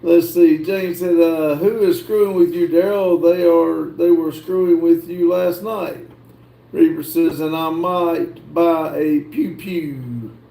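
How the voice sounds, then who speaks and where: Slow-talking man in an echoey room. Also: fairly high pitch, steady tone, creaky, dark tone. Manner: slow, drawling, reads comments aloud and answers. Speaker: livestream host reading chat. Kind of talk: casual chat.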